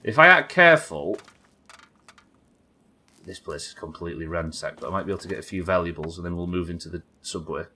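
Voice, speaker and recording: A man's voice: low voice, little pitch movement, racing, hardly any pauses, slightly rough. A man streaming a game live, chatting with viewers in a wry, sweary, bantering way. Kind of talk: live gameplay commentary.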